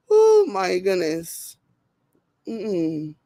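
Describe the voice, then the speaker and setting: Slow-talking Nigerian woman commentator. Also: mid-range voice, expressive, no echo. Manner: laughs often, repeats words for emphasis, reads viewer comments aloud. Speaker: commentary host reacting to a video and reading live chat. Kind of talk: casual live-stream commentary.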